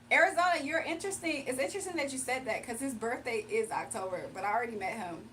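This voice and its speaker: A woman's voice: fairly high pitch, fast talker, few pauses, a bit bright, recorded from a distance, a little hiss or hum. A young woman hosting a casual livestream, chatting with viewers, reading their comments aloud and laughing often. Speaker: livestream host giving spiritual readings.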